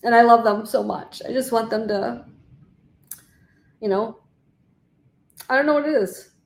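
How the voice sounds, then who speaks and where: A woman's voice: fairly high pitch, a little slow. A middle-aged woman guest, a nutritionist and author, talking heartfelt and chatty with many fillers in a casual interview. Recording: echoey room.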